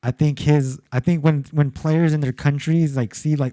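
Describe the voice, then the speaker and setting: Co-hosting a casual sports podcast, a man with a fairly high, warm voice speaks at a moderate pace in a steady tone, with no echo. He rambles and restarts, swearing and laughing at his own jokes as he chats.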